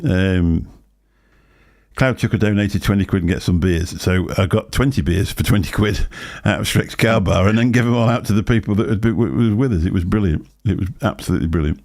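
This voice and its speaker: This is an older man with a fairly low voice. He hosts a relaxed livestream chat and rambles through anecdotes. He laughs often between lines. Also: brisk. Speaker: show host.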